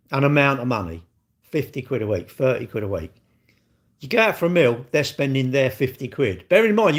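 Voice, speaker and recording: A man chatting casually on a live stream, blunt and cheeky, rambling and answering his chat. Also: fairly high pitch.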